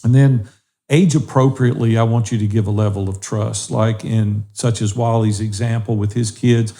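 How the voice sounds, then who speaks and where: A man's voice: fairly low pitch, fairly even intonation, normal speed, mellow. A middle-aged man co-hosting a faith-based podcast, earnestly encouraging listeners. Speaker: podcast co-host.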